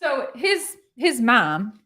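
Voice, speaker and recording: A woman's voice: a little high, big pitch swings, very slow, sharp tone. Bubbly chatty woman host. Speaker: show host. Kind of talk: casual livestream chat.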